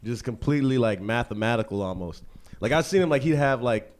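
A man's voice: medium pitch, animated, a little fast. A man chatting casually in a laid-back, wry way. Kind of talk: casual chat.

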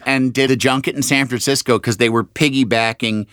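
A man's voice: mid-range voice, steady tone, a little fast, a bit bright, smooth, no room sound. A man, a voice actor, telling a rambling story in a casual interview, correcting himself and acting out quotes. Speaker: voice actor guest.

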